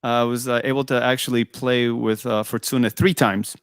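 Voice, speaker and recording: The recording is dry and studio-clean as a man with a smooth, mid-range voice, speaking at a moderate pace, spins road stories from his life as a musician. The interview is casual, and his lively anecdotes are full of laughter, acted-out dialogue, and "I go."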